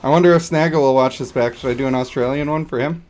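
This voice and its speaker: A man's voice: mid-range voice, quick pace, darkish tone. A man streaming a video game, chatting casually in a rambling, joking, self-deprecating way. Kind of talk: casual live-stream chat over gameplay.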